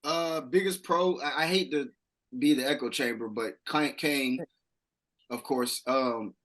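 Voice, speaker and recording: A man giving a casual film review, animated and emphatic, swearing now and then. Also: medium pitch, unhurried. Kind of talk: casual chat.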